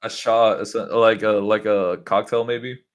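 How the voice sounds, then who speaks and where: A man's voice: on the low side, steady tone, measured pace. A young man chatting casually on a podcast, rambling with many fillers as he tells stories. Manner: rambling, lots of likes and bro. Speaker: podcast co-host. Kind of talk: casual chat.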